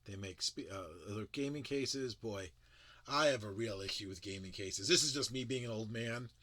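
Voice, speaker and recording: A man's voice: fairly low pitch, moderate pace, sharp tone, dry recording. A man giving casual, critical commentary as a tech show reviewer, emphatic and sarcastic, with frequent restarts.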